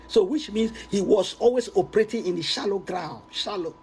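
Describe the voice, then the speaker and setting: A male preacher telling an animated, laughing story in a sermon. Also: sits high, brisk, few pauses, a little hiss or hum, poor audio.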